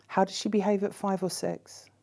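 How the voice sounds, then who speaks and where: A woman giving a conference keynote speech in a measured way, posing rhetorical questions to the audience. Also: medium pitch, flat delivery, mellow. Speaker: keynote speaker.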